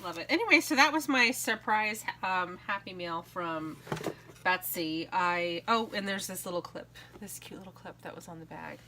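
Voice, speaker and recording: This American craft vlogger, a woman in her thirties, giggles and chats while displaying mail that arrived for her. She speaks at a normal speed in a lowish voice that sounds pushed and bright, with a bit of background noise. Her talk is casual and chatty, often drifting off into ums.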